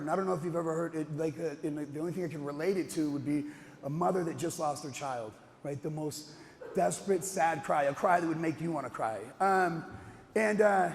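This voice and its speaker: A man telling a personal story on stage. He is animated and rambling, with restarts and bursts of laughter. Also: on the high side, vocal fry, long reverb tail, a little hiss or hum.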